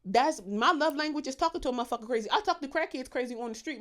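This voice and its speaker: Blunt, profane woman co-host, slightly high. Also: racing, hardly any pauses. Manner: blunt, profane, animated storytelling with voiced quotes. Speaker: podcast co-host. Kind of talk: casual chat.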